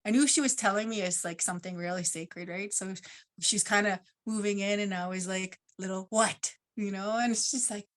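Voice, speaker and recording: A woman's voice: medium pitch, steady tone, fairly quick. Woman telling a personal story, rambling. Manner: casual and rambling, uses 'like' a lot. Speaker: conference panelist.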